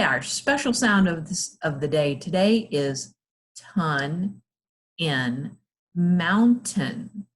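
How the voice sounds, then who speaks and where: A woman teaching a phonics lesson to young children, sounding out letters and words slowly and praising often. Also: sits low.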